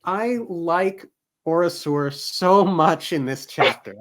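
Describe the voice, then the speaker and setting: A man's voice: fairly high pitch, takes it slowly, background noise. Dry-humored man discussing a book. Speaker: book club co-host.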